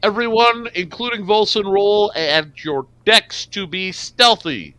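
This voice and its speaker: A man's voice: high-pitched, measured pace, bright, forceful tone, clear, resonant tone, no echo. A man running a tabletop game as game master, narrating in a loose, joking, profane way.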